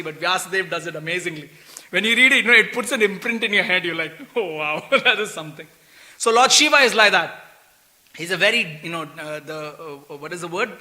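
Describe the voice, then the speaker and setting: A man teaching a scripture class in a temple hall, with a high, piercingly bright, tense voice. He tells the old story as an easygoing chat, full of "you know" and little chuckles, as if he were talking with friends. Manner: chatty, animated retelling, chuckles often, many "you know" fillers.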